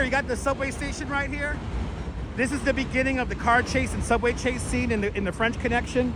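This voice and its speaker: A man's voice: very high-pitched, flat delivery, brisk, noisy background. A man hosting a casual walking livestream outdoors, chatting and thanking viewers for donations. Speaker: livestream host. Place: outdoors on city streets. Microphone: wireless clip-on mic, phone on gimbal.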